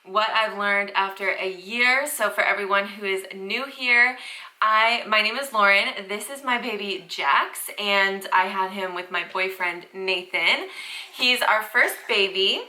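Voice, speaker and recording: A woman's voice: mid-range voice, measured pace, bright, forceful tone, rough recording. A young woman from the southern United States, a first-time mom chatting casually to her vlog audience at home. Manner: chatty, playful baby talk. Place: home room with baby.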